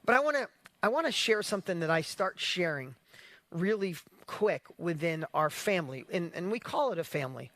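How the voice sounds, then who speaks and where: Man, host, casual motivational livestream, energetic, rhetorical questions, high pitch, dry close sound. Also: a little fast, no echo. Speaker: host of an online business challenge.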